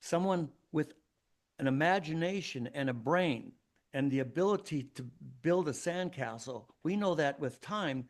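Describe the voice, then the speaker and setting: A man hosting a solo podcast, arguing his points in an emphatic, preachy way. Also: fairly high pitch. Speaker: podcast host.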